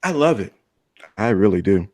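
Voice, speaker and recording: A man's voice: fairly low pitch, very animated, moderate pace, a little mellow. A man co-hosting a podcast, talking in an emphatic, preachy way. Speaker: podcast co-host. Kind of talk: casual podcast talk.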